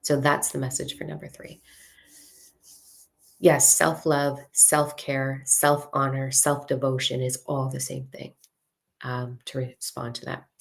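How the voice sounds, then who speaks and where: A woman spiritual coach talking casually and frankly to a live audience, swearing freely and slowing down to read a mantra. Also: very deep voice, flat delivery, gravelly. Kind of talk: casual livestream talk.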